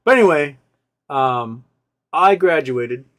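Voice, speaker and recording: A man's voice: a little high, slow. Rambling man telling a personal story. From Seattle area. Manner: rambling, animated retelling with quoted voices. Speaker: host. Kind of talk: casual storytelling.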